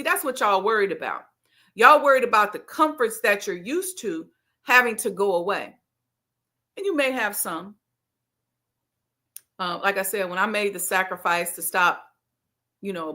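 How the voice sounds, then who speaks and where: Bright-voiced woman preaching with emphasis. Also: medium pitch. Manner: emphatic, repeats key phrases, folksy call-and-response. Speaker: speaker leading a Ramadan gathering. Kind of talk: motivational sermon.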